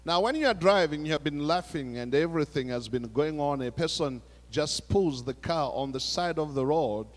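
A man preaching a sermon, telling a story in a hushed voice and then raising it to exhort the congregation. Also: fairly high pitch, expressive, moderate pace, few pauses. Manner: storytelling preacher, shifts between hushed retelling and raised exhortation. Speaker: pastor. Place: church sanctuary. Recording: long church hall reverb.

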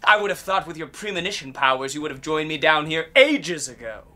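A woman's voice: deep voice, sing-song, normal speed, fairly bright tone. A woman playing a mocking, scheming villain who leads a gang of troublemakers in a teen series. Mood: taunting. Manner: taunting, mocking. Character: scheming villain leader of the Bunglers. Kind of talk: teen web series acting.

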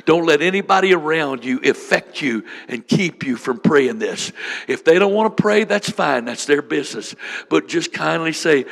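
A man's voice: on the high side, expressive, normal speed, creaky. A man preaching as a bishop, leading a fervent prayer with repeated lines and speaking in tongues. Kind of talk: sermon with prayer ministry.

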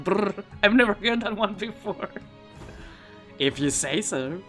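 A man's voice: fairly high pitch, lively intonation, slow pace, fairly bright tone, soft background music. A man streaming a video game live, chatting in a loose, rambling way and often restarting his sentences. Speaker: Twitch streamer. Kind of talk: live gameplay commentary. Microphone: his own streaming microphone.

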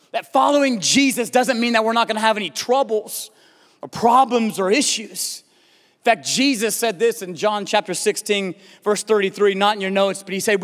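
A man's voice: sits high, normal speed, a bit bright, long reverb tail. An American man preaching a sermon as pastor, telling a story and building to impassioned pleas. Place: church auditorium.

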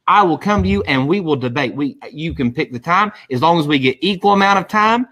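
A man's voice: fairly high pitch, lively intonation, fairly quick, fairly bright tone. A man hosting a live-streamed religious talk show, rambling and defiant, with many restarts. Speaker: show host.

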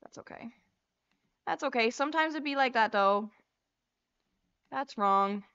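Young woman streamer, kinda high voice, frazzled and laughing thru tech fails, dull lo-fi sound. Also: lively intonation, unhurried, a bit bright, smooth. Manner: flustered, laughing, swearing at tech trouble. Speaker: livestream host. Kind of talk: casual livestream chat. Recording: lo-fi stream audio.

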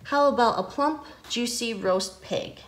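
An eager little iguana who rushes to help and then grumbles, as a woman reading aloud plays him. The voice is lively and swings widely in pitch. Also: full character voice. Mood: grumbling.

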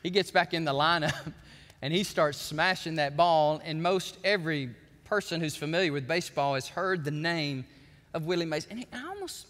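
High, lively preaching man in a church. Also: moderate pace. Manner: animated storytelling, acting out quoted voices. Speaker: pastor. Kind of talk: sermon. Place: large church sanctuary. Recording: church sanctuary with long reverb.

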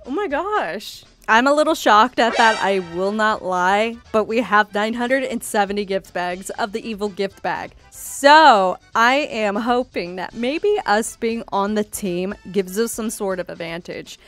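A woman giving casual gameplay commentary, excitable and playfully dramatic, gasping at each result. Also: mid-range voice, a little slow, hardly any pauses, no room sound. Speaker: gaming YouTuber. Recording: faint music behind.

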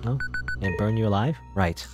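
A man's voice: on the low side, brisk. Chuckling man over game music. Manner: rambling, chuckling, thinks out loud. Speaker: let's play gamer. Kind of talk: casual gameplay commentary.

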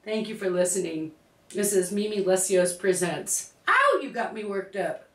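A woman giving an emphatic, repetitive motivational pep talk, breaking into shouts. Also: medium pitch, very animated, normal speed. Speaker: motivational speaker. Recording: echoey room, distant mic.

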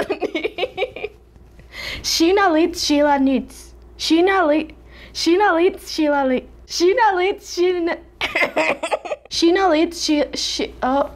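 Mexican lady vlogging, high voice, slow careful tongue twisters, keeps tripping and restarting. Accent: Mexican Spanish. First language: Spanish. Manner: stumbling, self-correcting, giggly. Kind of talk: casual tongue-twister attempts.

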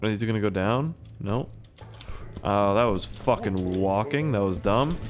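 A man's voice: lowish voice, unhurried, over music. A young man from Canada playing a video game, rambling, joking and swearing to himself as he goes. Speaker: gaming YouTuber. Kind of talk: let's play commentary.

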